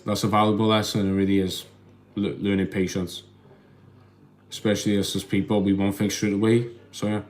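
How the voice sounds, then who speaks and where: A man's voice: lowish voice, little pitch movement, fairly quick, darkish tone. A man hosting a casual live stream into his phone at home, rambling and hesitant, often repeating words as he reads the chat. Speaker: livestream host reading chat.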